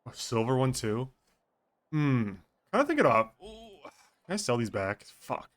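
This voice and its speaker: A man's voice: mid-range voice, sing-song, a little slow, a bit bright. A man streaming a role-play game, chatting casually with viewers, thinking aloud and swearing freely. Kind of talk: casual out-of-character chat with viewers.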